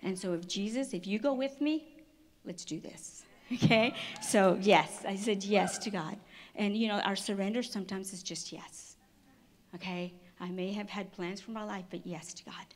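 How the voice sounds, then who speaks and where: Woman conference speaker, personal testimony, lively, mid-pitched storyteller, restarts and laughs. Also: moderate pace. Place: stage at a women's conference.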